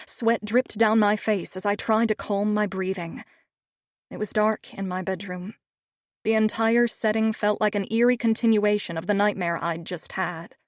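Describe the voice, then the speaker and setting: A woman narrating a first-person audiobook with steady, measured storytelling. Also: mid-range voice, no echo, clean studio sound.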